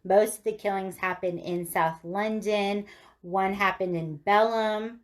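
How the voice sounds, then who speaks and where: A woman co-hosting a podcast, telling a true-crime story in casual, lively chat and cursing freely. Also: medium pitch, unhurried. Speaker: podcast co-host.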